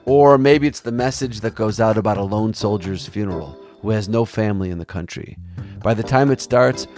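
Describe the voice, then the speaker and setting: A man's voice: on the low side, a little mellow. Man narrating a reflective podcast story. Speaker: podcast host and interviewer. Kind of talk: narrated documentary podcast with interview.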